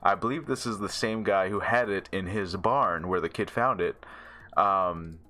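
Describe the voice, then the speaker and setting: A man's voice: low voice, unhurried, bright, forceful tone. A man casually reviewing a TV episode, rambling with many fillers and restarts and laughing often. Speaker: show reviewer.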